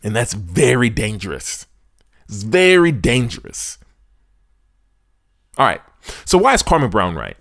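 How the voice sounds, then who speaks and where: A man hosting a sports podcast, delivering a preachy monologue straight to his listeners in casual slang, swinging from loud emphasis to hushed asides. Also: on the low side, very animated, a little slow, creaky, pauses often.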